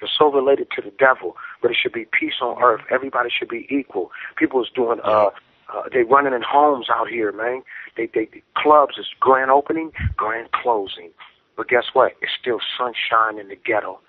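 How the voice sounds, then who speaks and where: A man's voice: mid-range voice, normal speed, slightly rough, dry recording. A man calling in by telephone, talking in emotional slang and fighting back tears. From San Francisco Bay Area. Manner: emotional, preachy slang-heavy. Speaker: guest rapper. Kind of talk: phone-in shout-outs. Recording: dry tinny phone line.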